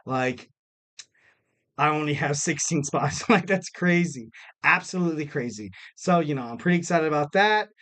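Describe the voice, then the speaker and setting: A man's voice: on the high side, lively intonation, normal speed, a bit bright. A man hosting a wrestling podcast alone, rambling casually with lots of fillers and self-mocking jokes. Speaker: podcast host. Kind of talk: casual solo podcast talk.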